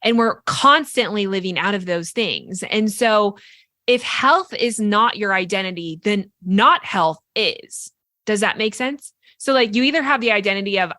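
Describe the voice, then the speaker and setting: A woman's voice: medium pitch, expressive, moderate pace, fairly bright tone, no echo, studio quality. A woman co-hosting a podcast, talking earnestly in casual reflective chat, full of "like" and "right?" as she explains. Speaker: podcast co-host.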